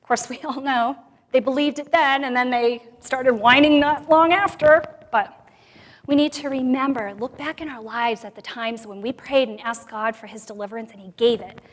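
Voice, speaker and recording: In a church sanctuary full of long reverb, a conference speaker addresses a women's conference, weaving her own testimony together with scripture. Her fairly high voice moves at normal speed, dropping to near-whispers before rising into emphatic bursts in an expressive soft-to-loud swing.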